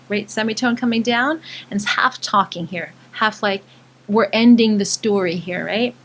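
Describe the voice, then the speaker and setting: A woman vocal coach teaching a song step by step, pausing to explain and sometimes singing short lines to demonstrate. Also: fairly high pitch. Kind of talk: singing tutorial.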